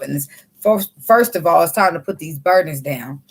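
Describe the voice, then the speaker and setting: A woman's voice: low voice, expressive, normal speed, slightly rough. A woman giving a casual tarot reading, blunt and preachy, swearing freely. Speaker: tarot reader. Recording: faint background noise.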